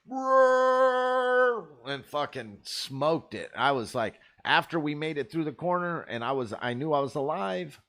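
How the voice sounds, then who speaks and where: A man's voice: mid-range voice, fairly bright tone. A man host telling rambling, profane stories in a laid-back, casual way. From Arizona. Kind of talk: casual storytelling.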